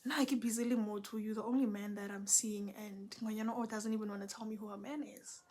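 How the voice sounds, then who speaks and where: A young South African woman, a Setswana speaker, telling a story in a casual, animated way with lots of code-switching. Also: medium pitch, quick pace, heavy background noise.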